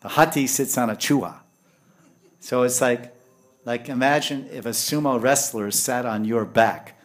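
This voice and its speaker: A man giving a devotional lecture in English with Sanskrit and Hindi terms, telling lively stories and swinging from hushed tones to loud bursts. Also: mid-range voice, unhurried. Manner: animated, acts out voices and laughter, swings from hushed to loud. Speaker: spiritual teacher.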